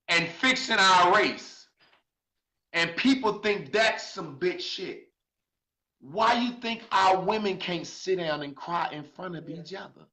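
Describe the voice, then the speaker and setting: A man crying as he preaches to his viewers, swearing freely and swinging from shouts to quiet asides. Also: high-pitched, echoey room, low-quality recording. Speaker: social media commentator. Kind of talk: emotional monologue to viewers.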